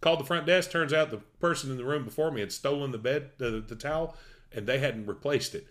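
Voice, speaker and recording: Speaking fast at a medium pitch, this folksy middle-aged man from Tennessee spins animated stories in easygoing chat, his Southern accent plain to hear.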